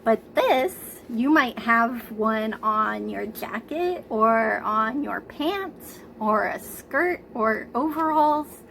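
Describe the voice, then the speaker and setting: A preschool teacher runs a lesson from home through her computer camera mic, leading little kids along in a soft, unhurried way with lively intonation. She speaks a bit high with a gravelly fry, and a faint hiss runs under the low-quality recording.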